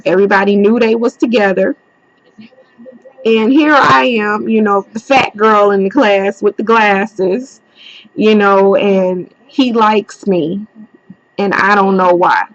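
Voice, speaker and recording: Slow, blunt young woman telling a story. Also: mid-range voice, dry recording. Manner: blunt, swears freely. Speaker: vlogger. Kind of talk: casual personal storytelling. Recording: dull, dry lo-fi recording.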